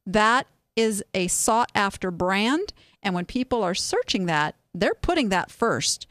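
Her medium-pitched voice is unhurried and free of echo. As host of a casual live stream, she reviews online sales listings, offering frank advice in a chatty, animated manner with many restarts.

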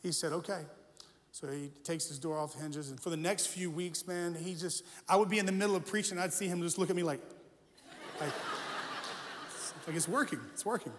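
A man's voice: fairly high pitch, steady tone, fairly quick, slight background noise. A man in his forties, a pastor, preaching a story-driven sermon with self-deprecating humor and earnest feeling. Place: church sanctuary. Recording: echoey church hall.

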